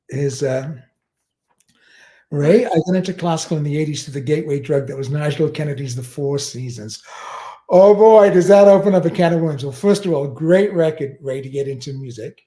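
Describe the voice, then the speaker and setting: A man hosting a relaxed livestream, with a mellow, somewhat high-pitched voice. He rambles from one anecdote to the next and often chuckles along the way. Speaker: livestream host. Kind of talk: casual chat.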